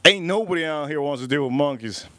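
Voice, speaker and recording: A man's voice: a little high, fast talker, sharp tone, dry recording. A man hosting a casual cooking livestream outdoors at a grill. He jokes loosely and reads viewer messages aloud. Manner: loose, joking, talks to chat and reads super chats aloud. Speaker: livestream host.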